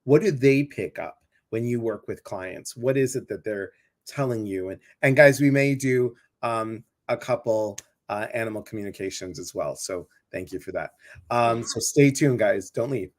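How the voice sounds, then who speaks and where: A man's voice: lowish voice, moderate pace. A man hosting a casual interview, chatty and rambling, with many fillers and restarts. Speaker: host.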